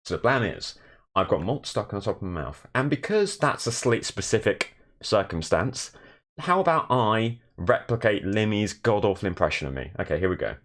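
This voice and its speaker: A young man streaming from his bedroom in a shared flat, chatting casually and self-deprecatingly and thanking viewers. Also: on the low side, normal speed. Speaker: Twitch streamer. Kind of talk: casual live stream chat.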